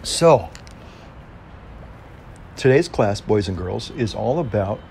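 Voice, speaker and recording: An older man chatting casually to his viewers, unhurried, humming contentedly between phrases. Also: lowish voice, lively intonation, creaky, darkish tone, a little hiss or hum. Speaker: pipe-smoking vlogger. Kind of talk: relaxed casual chat to viewers. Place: outdoors on a veranda deck.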